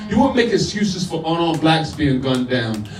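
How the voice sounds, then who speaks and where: A man's voice: on the high side, sing-song, moderate pace, faint music behind. A man performing spoken word poetry live, with punchy declamatory delivery and casual asides to the crowd. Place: live venue with audience. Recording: echoey room, voice from far off.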